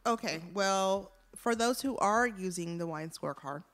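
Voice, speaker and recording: A woman's voice: mid-range voice, normal speed, a bit bright. A woman hosting a casual chat podcast, laughing often as she runs the segments. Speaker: podcast host.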